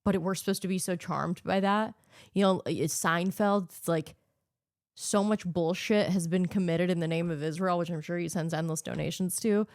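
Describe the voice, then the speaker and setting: A woman's voice: fairly low pitch, steady tone, moderate pace, a little mellow, no room sound, studio quality. A woman hosting her own podcast, ranting solo in a sarcastic, profane, opinionated way. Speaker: podcast host.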